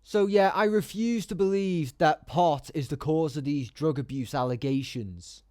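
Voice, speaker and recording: A man's voice: fairly high pitch, a little slow, heavy background noise. A man giving blunt, sarcastic commentary, swearing freely as he talks. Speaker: YouTube commentator. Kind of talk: opinionated commentary.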